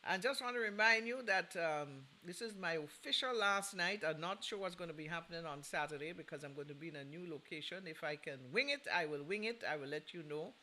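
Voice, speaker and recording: A man's voice: a little high, fairly quick, hardly any pauses, bright, forceful tone, low-quality recording. A man hosting a holiday music show, chatting casually and teasing listeners. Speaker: radio show host. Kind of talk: casual chat between records.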